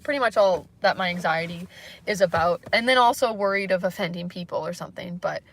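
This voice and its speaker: A young woman talking candidly on a livestream about her anxiety, halting and rambling with many fillers. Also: lowish voice. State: anxious. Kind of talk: candid solo livestream chat.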